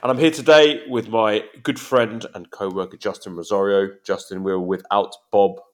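A man hosting a political podcast in a casual, rambling way, often halting and restarting. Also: fairly low pitch, steady tone. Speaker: podcast host.

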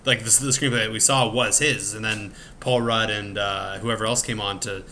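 A man's voice: fairly low pitch, steady tone, moderate pace, bright, forceful tone, slight background noise. A man co-hosting a podcast, chatting casually about a film and hedging his opinions as he thinks aloud. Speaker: podcast co-host. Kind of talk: casual movie chat.

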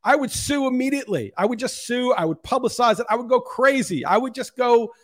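A man's voice: extremely high pitch, animated, a little fast. A middle-aged man hosting a solo podcast, delivering an impassioned, profane rant. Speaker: podcast host. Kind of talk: monologue podcast commentary.

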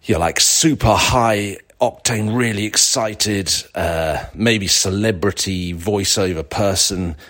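Male podcast host, very low voice, rambling, sarcastic, digressive solo chat. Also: measured pace, hardly any pauses, a bit bright. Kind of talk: casual solo podcast monologue.

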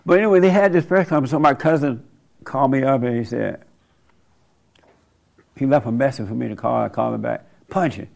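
A man's voice: mid-range voice, fairly quick, vocal fry, pauses often, a little mellow. A man hosting a casual, preachy monologue, rambling and colloquial, often laughing at his own remarks.

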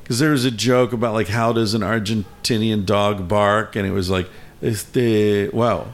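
A man interviewing a guest in a casual chat, joking and curious, with quick reactions. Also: lowish voice, fairly even intonation.

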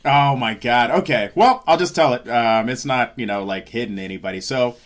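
A man's voice: mid-range voice, brisk. Guy telling a wild story on a podcast, swears a lot, acts out what people said. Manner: animated storyteller, acts out quotes, swears freely. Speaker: comedian guest. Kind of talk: casual storytelling chat.

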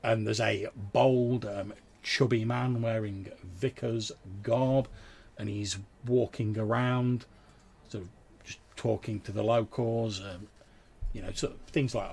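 A man's voice: lowish voice, steady tone, slow pace, gravelly, a little mellow, breathy edge. A man narrating a tabletop game as game master, in a loose, filler-heavy way.

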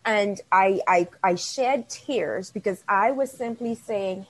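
A woman's voice: medium pitch, slow, few pauses. A woman from the Bahamas with a light West Indian accent, a podcast guest telling stories expressively. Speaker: community organizer guest. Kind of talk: podcast conversation.

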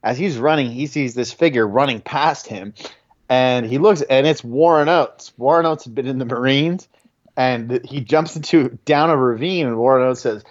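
A man hosting a podcast, telling film production anecdotes in a casual, halting way. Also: medium pitch, no echo, dull audio. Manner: anecdotal, many restarts and fillers. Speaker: podcast host.

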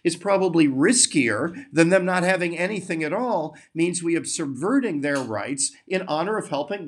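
A man's voice: a little high, animated, normal speed, few pauses. An American man hosting a podcast, delivering an emphatic, sarcastic opinion monologue with open indignation. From United States. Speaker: podcast host.

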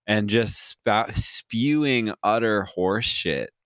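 A man co-hosting a podcast, talking in a slow, scornful, swearing way in casual political banter. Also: on the low side, a bit bright, clean tone, no echo, clean studio sound. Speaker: podcast co-host.

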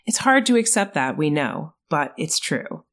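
A woman's voice: low-pitched, sing-song, a little slow, a bit bright. A woman guest on a podcast in casual chat, dry and mocking.

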